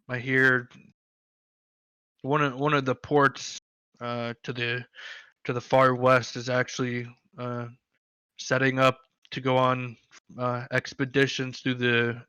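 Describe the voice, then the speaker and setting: A man's voice: medium pitch, sharp tone, smooth, no echo. A man narrating a tabletop game as game master, easygoing and full of fillers.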